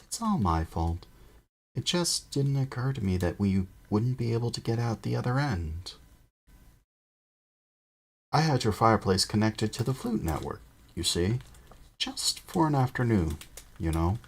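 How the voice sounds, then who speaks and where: A man's voice: mid-range voice, very animated, measured pace, long pauses, voice pushed up. A man doing Mr Weasley, a vague rambling wizard. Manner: distracted, rambling. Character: vague, cheerful middle-aged wizard father. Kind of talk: audiobook reading.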